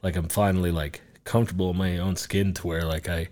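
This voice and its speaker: A man with a very low, deep voice, chatting as a guest on a podcast. He rambles and loses his place, fills gaps with "like" and "you know", and swears casually. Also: little pitch movement, brisk, a little mellow. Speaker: guest, business owner. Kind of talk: casual interview chat.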